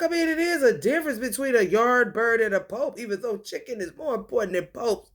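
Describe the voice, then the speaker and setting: A woman's voice: on the high side, fairly quick. Profane rambling woman. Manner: profane, free-associating, animated. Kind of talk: rambling casual monologue.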